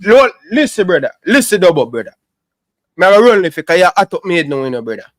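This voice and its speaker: A man's voice: high voice, very animated, fast, no room sound, studio quality. A man with a Jamaican accent hosting a live call-in sports talk show, talking in patois and calling people brother. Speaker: show host.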